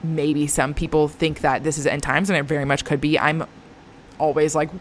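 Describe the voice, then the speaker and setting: A woman's voice: sits low, level tone, fairly quick. A young woman talking candidly to her viewers as a Christian mom vlogger, earnest and confiding, with lots of filler words. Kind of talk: candid personal talk to camera.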